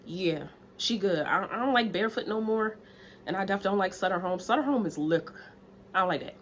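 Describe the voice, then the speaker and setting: A woman's voice: medium pitch, animated, fast talker, a little hiss or hum. A woman, chatting candidly in a story time vlog, a little out of breath. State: slightly out of breath. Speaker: vlogger. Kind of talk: casual story time chat.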